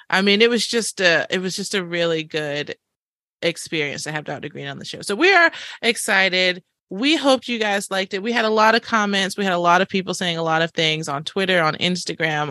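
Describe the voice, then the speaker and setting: A woman hosting a casual podcast, talking straight to her listeners in an upbeat way. Her voice is bright and a little low, and it sounds dry and close, with faint music underneath. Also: no echo. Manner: upbeat and direct, talks to listeners as "you guys". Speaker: podcast co-host.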